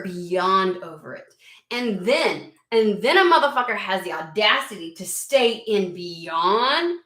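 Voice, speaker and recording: A woman giving a casual, animated tarot reading to her viewers, swearing freely as she talks through the cards. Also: mid-range voice, measured pace. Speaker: tarot reader. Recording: roomy echo.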